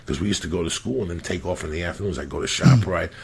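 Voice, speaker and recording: Swearing nonstop, this male comedian spins crude stories in casual conversation and mimics the voices of those he quotes. He speaks quickly and animatedly in a deep, husky, gravelly voice.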